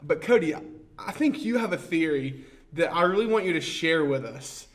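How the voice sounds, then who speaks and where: A man's voice: a little high, expressive. Upbeat young man co-hosting a podcast. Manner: upbeat, jokey, talks fast with restarts. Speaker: podcast co-host. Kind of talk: casual chat. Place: indoors at a table, face to face.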